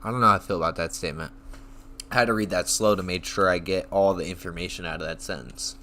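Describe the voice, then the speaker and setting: A man streaming a casual reaction rant, telling stories in an excitable, profane, rambling way. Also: low-pitched, quick pace, a little hiss or hum. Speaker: online streamer.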